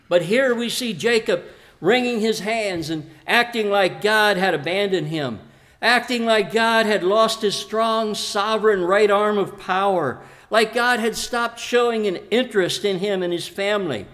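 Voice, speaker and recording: Male preacher with a high voice, earnest, retells scripture as a story and speaks straight to the congregation. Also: fairly bright tone. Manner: earnest, addresses the congregation directly. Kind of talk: sermon.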